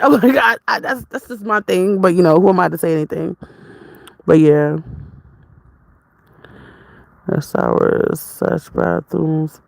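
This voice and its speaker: Woman vlogger, gravelly fry in her voice, dry close sound, chatty and rambling. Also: on the low side, darkish tone, dry recording, poor audio. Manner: jumps from topic to topic, chatty, laughs often. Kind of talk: casual rambling chat to viewers.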